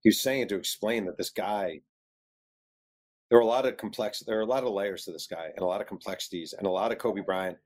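Male author, lowish voice, animated storyteller who acts out quotes. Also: fast. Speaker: author guest. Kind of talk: telling a story in an interview.

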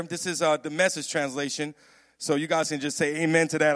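A man with a high, light voice preaches to his congregation, animated and repeating himself as he calls out questions. The sound carries a long reverb from a church hall. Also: brisk. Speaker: pastor. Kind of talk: sermon.

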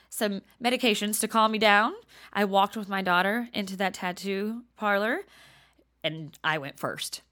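A woman's voice: mid-range voice, pushed and bright. An older woman hosting a podcast, telling personal stories in a chatty way, laughing often and dropping to near-whispers for emphasis. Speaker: podcast host. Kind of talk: casual storytelling monologue.

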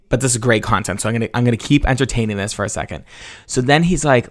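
A man's voice: mid-range voice, expressive, quick pace, no echo, clean studio sound. A young man from Massachusetts hosting a solo podcast, telling a story in a gossipy, profane way and laughing as he goes. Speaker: podcast host.

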